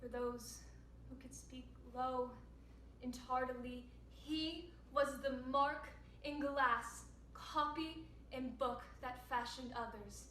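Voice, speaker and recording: A young woman performing a Shakespeare monologue as a grieving noble widow, in measured, solemn verse. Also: high voice, steady tone, a bit bright, a little hiss or hum. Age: late teens. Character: grieving noble widow pleading with her father-in-law. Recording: echoey room, distant mic.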